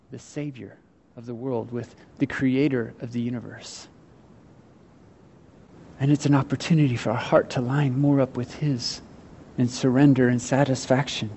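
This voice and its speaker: A man preaching a sermon, acting out the quotes and laughing as he goes, then quieting down for the scripture. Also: mid-range voice. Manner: animated, acts out voices in quotes, laughs often; drops to quiet, slow delivery on scripture. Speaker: pastor.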